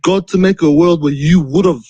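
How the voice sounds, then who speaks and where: A man's voice: on the high side, moderate pace, a crowd in the background, rough recording. A man calling into a live stream who argues his case earnestly, repeating words and restarting often. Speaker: caller.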